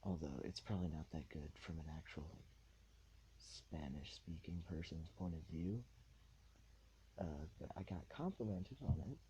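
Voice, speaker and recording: A man with a very low, dark, mellow voice hosts a solo podcast. He rambles in a laid-back way from one thought to the next and leans on fillers. It is recorded on a tablet with a faint hiss behind. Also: moderate pace, low-quality recording. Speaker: podcast host.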